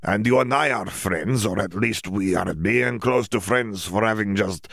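A man's voice: fairly low pitch, unhurried, gravelly, fairly bright tone, dry recording, studio quality, exaggerated voice. A man reading an audiobook voices an earnest young male student wizard who talks in stiff, formal phrasing with hesitations. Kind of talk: audiobook character voice.

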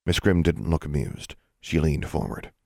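A man narrating a children's fantasy audiobook in a steady, measured way. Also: very deep voice, creaky, no echo, studio quality. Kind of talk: scripted narration.

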